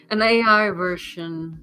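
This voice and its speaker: A woman's voice: fairly low pitch, pushed and bright, smooth. A woman hosting a casual livestream chat, hesitant and full of fillers, laughing often. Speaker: host.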